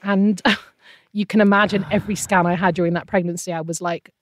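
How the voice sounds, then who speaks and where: A woman's voice: lowish voice, fairly quick, no room sound. Woman, thirties, earnest and emotional, dry close recording. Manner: earnest, emotional, animated quoting of others. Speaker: guest. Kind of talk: personal storytelling.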